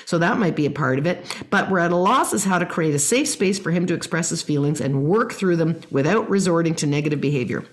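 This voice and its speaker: A woman hosting a podcast, giving parenting advice and reading listener questions aloud. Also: on the low side. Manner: warm explanatory, reads listener emails aloud. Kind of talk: casual advice talk.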